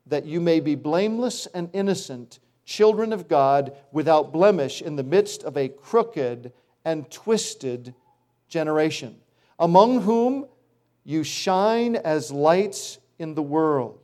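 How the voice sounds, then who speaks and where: A middle-aged male pastor preaching a sermon, animated and acting out complaining voices now and then. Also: sits high.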